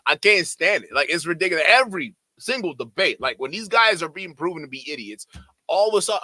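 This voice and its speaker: A man streaming and reacting to a debate clip, ranting loudly and swearing as he talks to his chat. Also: on the high side, big pitch swings, fast, no echo. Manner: loud, heated, swearing rants. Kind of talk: commentary to chat.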